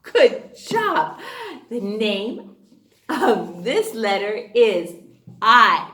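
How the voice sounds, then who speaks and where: Cheerful woman teacher, high lively voice, unhurried phonics drills. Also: roomy sound. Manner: animated and sing-song, gasps and cheers often. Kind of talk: phonics lesson for young children.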